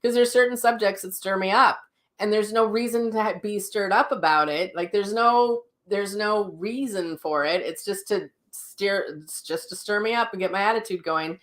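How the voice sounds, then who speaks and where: A woman's voice: medium pitch, moderate pace. A middle-aged woman hosting a casual live chat, blunt and self-mocking, with frank language as she reads viewer comments. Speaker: psychic medium hosting a daily live session.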